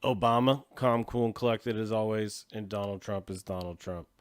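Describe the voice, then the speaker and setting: A man's voice: fairly low pitch, moderate pace, clean tone. A man hosting a show, casually reacting to video clips with profane, chatty commentary. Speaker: host.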